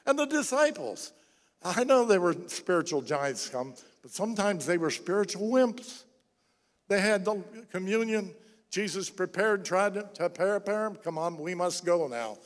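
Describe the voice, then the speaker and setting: A man with a high voice preaches in a church, his words ringing with a long reverb through the hall. He tells Bible stories and acts out the speakers' lines. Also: normal speed. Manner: animated storytelling, acts out quoted voices. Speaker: pastor. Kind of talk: sermon. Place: church sanctuary.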